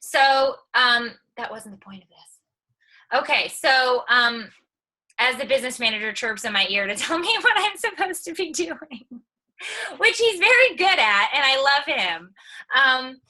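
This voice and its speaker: A woman's voice: sits high, big pitch swings, a little slow, bright, forceful tone, poor audio. A woman who makes online videos, giving a chatty, candid motivational talk on a live video stream. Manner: candid, chatty storytelling with humor. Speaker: online video creator and mom.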